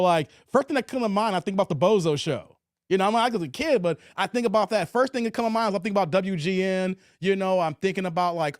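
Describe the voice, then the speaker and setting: Reading chat on his casual live stream, this Chicago man answers messages with a relaxed, drawling delivery and lets his phrases fade quietly at the end. His pitch is rather high. The recording is close and dry, with no echo from the room.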